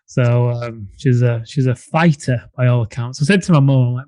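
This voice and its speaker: Co-host: mid-pitched man, chatty storyteller, dry close mic. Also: moderate pace, few pauses, warm tone, no room sound. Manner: chatty storyteller, laughs at own stories. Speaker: podcast co-host. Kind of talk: casual podcast chat.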